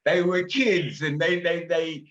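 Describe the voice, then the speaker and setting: A man's voice: fairly high pitch, steady tone, measured pace, a bit bright. A man in his sixties with an English accent, a guest telling stories animatedly in a casual interview, laughing often. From England. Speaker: guest singer. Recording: roomy, dull-sounding audio.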